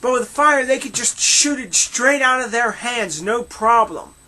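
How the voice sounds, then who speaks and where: A voice with a bright, sharp edge talks through a casual film review. The delivery is opinionated and animated, with mocking asides thrown in. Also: mid-range voice, a little slow.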